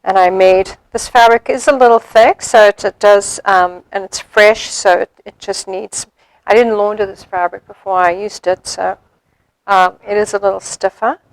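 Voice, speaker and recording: A woman demonstrating sewing steps in a chatty way, thinking aloud as she works and filling pauses with ums. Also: medium pitch, steady tone, dry recording, rough recording. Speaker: sewing instructor.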